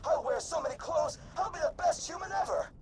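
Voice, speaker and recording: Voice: very high-pitched, fairly quick, background noise. An actor voicing a childlike robot who longs to become human, talking eagerly in simple, cheerful phrases.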